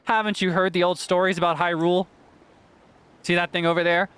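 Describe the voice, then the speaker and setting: A man's voice: high voice, flat delivery, brisk, fairly bright tone, clean tone. A man reading aloud the lines of a gloomy wandering male traveler in a game, in a chatty, doom-laden way. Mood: ominous.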